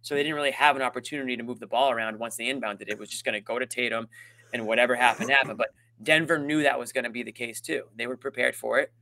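A man's voice: medium pitch, steady tone, fast, creaky, pushed and bright. A man co-hosting a postgame sports show, talking emphatically and venting his frustration about the game. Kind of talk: sports postgame analysis chat.

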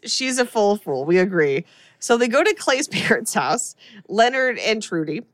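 Female podcast co-host, casual chat, animated storyteller who acts out lines. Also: mid-range voice, moderate pace. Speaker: podcast co-host recapping a film.

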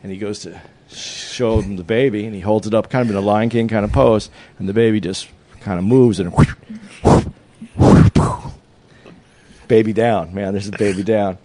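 A man who is a stand-up comedian, telling a dark joke as a story in casual, profane podcast talk. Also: fairly low pitch, steady tone, a little slow, slight background noise.

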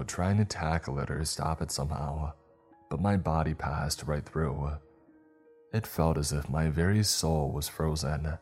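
A man reading a first-person horror story aloud, in measured, somber storytelling. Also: rumbling low, darkish tone. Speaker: narrator.

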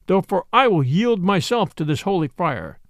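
A man's voice: high voice, sing-song, moderate pace, a bit bright, no echo, clean studio sound, heavily acted. A man reading the lines of a merry, proud outlaw leader in a storybook, in a declaiming manner. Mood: bold.

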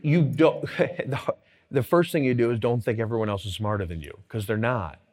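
A middle-aged man, a guest entrepreneur on stage, telling animated anecdotes full of quoted dialogue. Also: mid-range voice, a little fast. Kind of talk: storytelling on stage.

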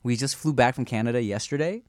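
A man from Long Beach, California, hosts a podcast in loose, playful casual chat. He swears freely and jokes around. His mid-pitched voice sounds dry and close to the mic. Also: fast, a little mellow, no room sound. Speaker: podcast host.

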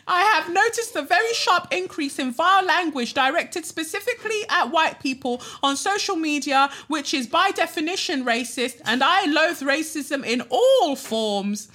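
A woman putting on the voice of a preachy, self-righteous young student in a high, mocking tone. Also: pushed and bright.

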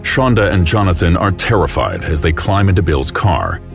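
A man narrates a true-crime documentary with grave, measured delivery. His voice sits very low and gravelly, and it rises and falls expressively. Music plays under him throughout. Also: expressive. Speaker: host and narrator.

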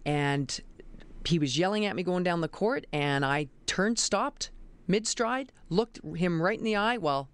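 A middle-aged woman, a college basketball referee, telling lively stories in an interview. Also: low voice, clean tone, no room sound. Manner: animated, emphatic storyteller. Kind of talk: interview storytelling.

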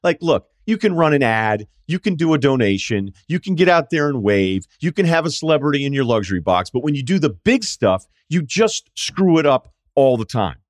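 A man's voice: mid-range voice, big pitch swings, normal speed, hardly any pauses, no echo, clean studio sound. Sarcastic man ranting about sports. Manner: sarcastic, mocking impressions of others. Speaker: podcast host. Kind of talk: opinionated sports talk monologue.

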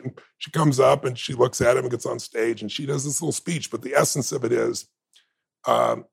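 His voice is mid-range, creaky and breathy, moving at a moderate pace. Guesting on a podcast, this man tells stories in conversation with heartfelt, emphatic intensity.

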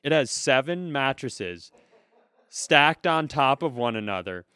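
A man on a comedy podcast telling a long story casually, animated and profane, laughing at his own punchlines. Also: mid-range voice, a little slow, clean tone, no room sound. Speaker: podcast co-host.

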